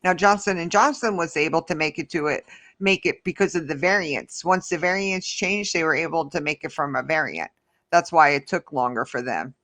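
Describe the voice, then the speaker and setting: A woman's voice: low voice, animated, normal speed, a bit bright. A woman talking casually to her livestream audience and reading out their comments as she goes. She rambles and restarts, and she turns heated and ranting when something annoys her. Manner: rambling, heated, talks back to the chat. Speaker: livestream host.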